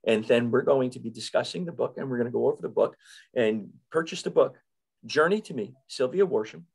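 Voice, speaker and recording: Gravelly North Jersey man hosting a podcast. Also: medium pitch, brisk, darkish tone, low-quality recording. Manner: enthusiastic, repeats words and restarts. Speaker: podcast host. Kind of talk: casual interview chat.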